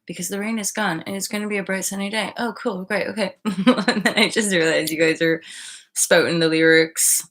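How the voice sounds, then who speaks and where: Candid woman livestreaming, sudden loud outbursts. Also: medium pitch, fairly even intonation, fairly quick. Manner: candid, swears freely, reads out viewer comments; loud outbursts when retelling events. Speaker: livestream host reading tarot. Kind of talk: casual livestream chat.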